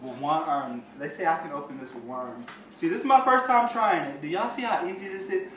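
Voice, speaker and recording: A man's voice: on the high side, brisk, hardly any pauses, sharp tone, a little hiss or hum. A young man, a father, unboxing a product for his vlog, hyped and playful, talking straight to his viewers. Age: young adult. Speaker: father and vlogger reviewing a product. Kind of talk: excited unboxing vlog talk. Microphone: phone camera. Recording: roomy sound, mic at a distance, faint ambience.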